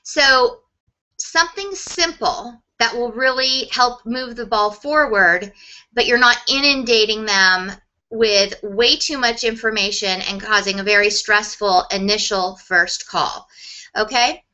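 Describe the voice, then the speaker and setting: A middle-aged woman sales coach teaching a webinar, chatty and quick, with restarts and laughs. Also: a little high, pushed and bright, low-quality recording.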